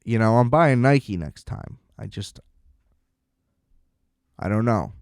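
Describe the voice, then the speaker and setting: A man's voice: lowish voice, lively intonation, slow, vocal fry, a little mellow, no room sound, studio quality. A man hosting a podcast alone, ranting in an exasperated, profane way and acting out sarcastic back-and-forths. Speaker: podcast host. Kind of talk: solo ranting monologue.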